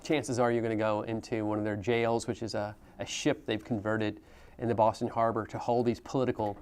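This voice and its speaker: A man's voice: fairly low pitch, level tone, fairly quick, darkish tone, clear, resonant tone. A man teaching a history class, talking conversationally and asking students questions as he goes. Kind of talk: classroom lecture.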